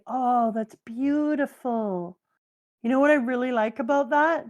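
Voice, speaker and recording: A woman co-hosting a casual chat, playfully recapping a story with lively energy. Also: high voice, unhurried. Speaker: co-host.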